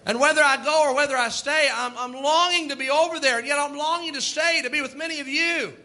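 Male preacher, middle-aged, very high voice, sharp bright tone, emphatic rising and falling delivery. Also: steady tone, fast talker. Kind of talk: sermon.

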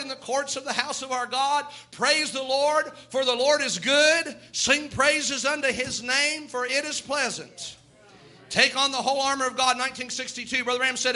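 In a strikingly high, ringing voice, a male pastor delivers a fervent sermon. Sharp and bright in tone, he keeps a rhythmic cadence while moving from scripture readings to exhortation.

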